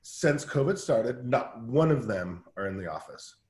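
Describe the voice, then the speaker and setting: A man talking in a casual interview as a guest coach, telling energetic stories with lots of restarts. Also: medium pitch, echoey room. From Southern California. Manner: energetic, fast storytelling with many restarts. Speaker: guest team-building coach.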